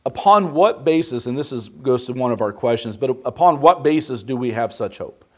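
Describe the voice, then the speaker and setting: A man's voice: mid-range voice, animated, moderate pace. A man preaching a Bible study, emphatic, putting questions to the class. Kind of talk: interactive Bible study sermon.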